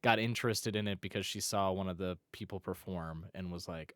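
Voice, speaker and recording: A man with a low voice co-hosting an anime podcast, talking in loose, rambling stretches full of restarts. The sound is dry and close to the mic. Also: brisk, hardly any pauses, a bit bright, no echo. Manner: rambling, many restarts and fillers. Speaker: podcast co-host. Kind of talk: casual chat.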